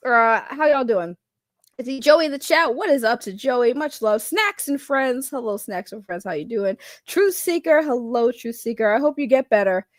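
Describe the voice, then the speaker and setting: A woman's voice: on the high side, animated, moderate pace, no echo, clean studio sound. A woman chatting casually on a live stream, greeting her chat, swearing now and then and sounding worn out from work. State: tired from work.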